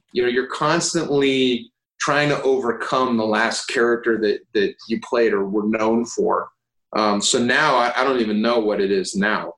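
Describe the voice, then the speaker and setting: Animated man in a roomy space. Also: medium pitch. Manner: animated, swears, acts out quoted voices. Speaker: guest actor. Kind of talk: casual interview storytelling.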